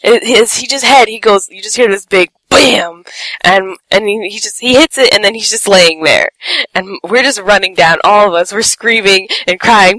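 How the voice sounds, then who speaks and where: A woman's voice: medium pitch, measured pace, no echo, low-quality recording. A woman telling a funny personal story in a casual way, giggling often and acting out what people said. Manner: animated, acts out quotes with squeals and shouts; giggles between lines. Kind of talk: casual anecdote.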